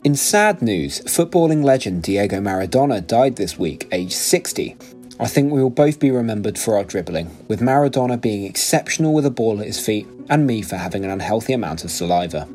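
A man hosting a comedy news podcast, reading scripted headlines with deadpan punchlines. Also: on the low side, brisk, faint music behind.

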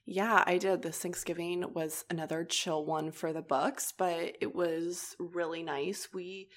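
A young woman co-hosting a casual chat podcast, animated and laughing often, peppering her talk with "like". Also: lowish voice, measured pace. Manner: animated, laughing, heavy use of "like". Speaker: podcast co-host.

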